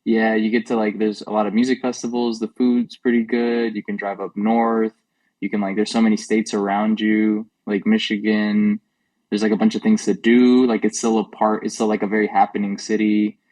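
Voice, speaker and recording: A man co-hosting a podcast in casual chat, relaxed and peppering his talk with "like". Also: on the low side, moderate pace, no echo, far from the mic, poor audio. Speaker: podcast co-host.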